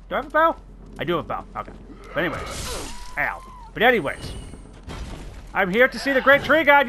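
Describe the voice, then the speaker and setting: A man giving loud, excitable gameplay commentary, shouting, joking and swearing as he plays. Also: a little high, normal speed, pauses often, slight background noise. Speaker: let's play gamer. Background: loud game music.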